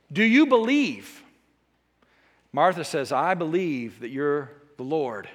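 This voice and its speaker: A high-voiced pastor preaches earnestly and talks plainly to his listeners, now and then restarting a phrase. His voice rings with a long reverb, as in a big hall. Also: fairly bright tone. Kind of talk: sermon.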